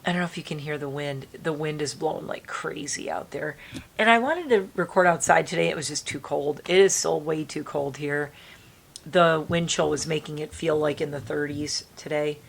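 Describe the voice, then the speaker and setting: Female vlogger, rambling chatty delivery, deep gravelly voice, allergy-strained throat. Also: moderate pace, a little hiss or hum. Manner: rambling, talks to viewers with restarts. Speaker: beauty vlogger. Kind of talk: casual chatty vlog. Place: indoors at home.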